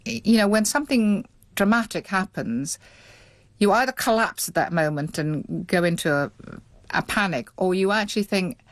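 A middle-aged woman speaks at normal speed in a mid-range voice as she recalls growing up, answering an interviewer with hesitant, reflective recollection and many restarts. There is no room sound.

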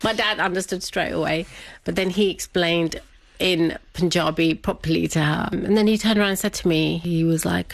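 A woman's voice: fairly low pitch, fairly even intonation, normal speed, creaky, no room sound. A middle-aged woman, telling a personal story as an interview guest, chatty and laughing often.

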